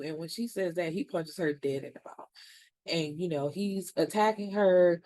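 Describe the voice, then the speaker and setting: This TV show reviewer has a lowish, mellow voice and talks at a moderate pace while casually going over an episode. She quotes scenes back, drops blunt asides and swears freely, all in a dry recording.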